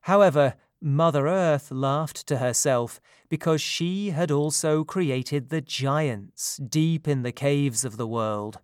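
A man narrating a myth in a calm, measured storybook reading. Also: on the high side, clean tone, no echo, clean studio sound.

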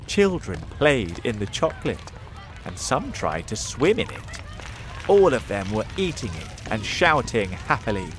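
A man reading a children's story aloud as narrator, very expressive and dramatic. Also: mid-range voice, background noise.

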